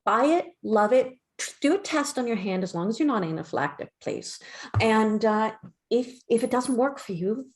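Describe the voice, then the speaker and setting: A woman's voice: animated, normal speed. A middle-aged woman hosting a live skincare shopping broadcast, talking with enthusiastic sales energy. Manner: enthusiastic, sales-pitch delivery. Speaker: skincare brand host.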